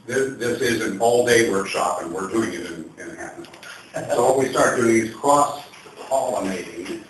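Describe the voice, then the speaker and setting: A man's voice: lowish voice, normal speed. A man leading a group brainstorm in a loose, joking manner, recorded by a far camera in a meeting room. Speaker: workshop leader. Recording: echoey room from far off, faint noise.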